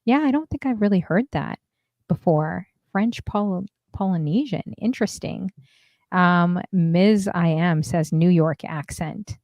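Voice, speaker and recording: A woman co-hosting a casual dating talk stream, chatting and telling stories in an animated way. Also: lowish voice, a little slow, dry recording, dull audio. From half Indian. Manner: chatty, animated storytelling with laughs. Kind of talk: casual chat.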